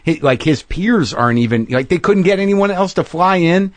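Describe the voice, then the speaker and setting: A man hosting a casual interview chat, musing loosely and backing his guest with steady agreement. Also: sits high, moderate pace, dry recording. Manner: frequent yeahs, loose profane musing. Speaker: podcast host.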